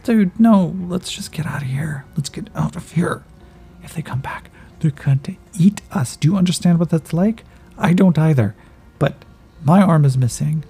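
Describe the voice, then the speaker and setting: A man's voice: fairly high pitch, normal speed, dark tone, breathy edge, voice pushed up. A man voicing a terrified, wounded young man who stammers, curses and begs to flee. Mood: frantic. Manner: frantic, swearing, stammering repeats. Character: panicked skinny young man, wounded, cursing.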